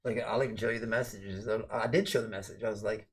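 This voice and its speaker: A man's voice: fairly low pitch, steady tone, fast talker, breathy edge. A man hosting a casual late-night livestream chat, talking bluntly and rambling, with plenty of swearing. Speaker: livestream host.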